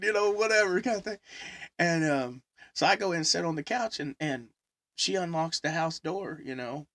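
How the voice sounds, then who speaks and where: A man's voice: fairly high pitch, lively intonation, normal speed, a bit bright, dry recording. A man telling a story in casual chat, rambling with many fillers and laughing as he talks. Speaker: podcast guest storyteller.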